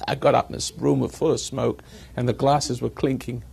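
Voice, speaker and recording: A man's voice: mid-range voice, flat delivery, unhurried, gravelly, a little mellow. A man giving a rambling talk to a live audience, chuckling at his own jokes as he tells stories. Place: evening gathering with an audience.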